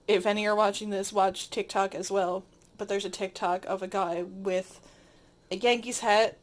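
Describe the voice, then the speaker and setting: A woman's voice: mid-range voice, poor audio. A woman vlogging as she cooks breakfast in her home kitchen, chatting casually with self-deprecating asides while holding the camera. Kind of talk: casual cooking vlog narration. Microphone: handheld camera.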